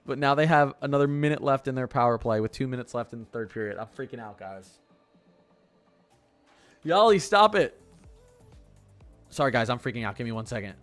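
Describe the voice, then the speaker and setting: A young man hosting a live weather stream, chatting casually and excitably, with lots of "like" fillers. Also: medium pitch, racing, hardly any pauses, clear, resonant tone, faint music behind. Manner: chatty, excitable, heavy use of "like". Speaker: weather livestream host.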